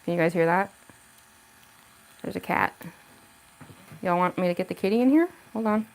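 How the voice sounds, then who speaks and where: At home, a young woman cosplayer livestreams to a camera on a tripod, giggly and chatty as she talks casually with viewers and coos baby talk to her cat. Her voice is on the low side at a moderate pace, and the audio is poor.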